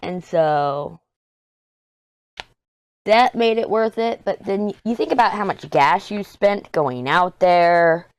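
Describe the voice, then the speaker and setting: A woman's voice: fairly low pitch, takes it slowly, smooth, no echo, highs cut off. Chatty woman telling stories. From Texas. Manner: chatty, rambling storytelling with asides. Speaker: craft vlogger. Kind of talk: casual chat while diamond painting.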